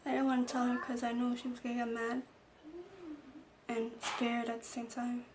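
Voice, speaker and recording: A woman vlogger telling a personal story in a soft, low-key storytime chat. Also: completely flat delivery, moderate pace, noisy background. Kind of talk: casual storytime.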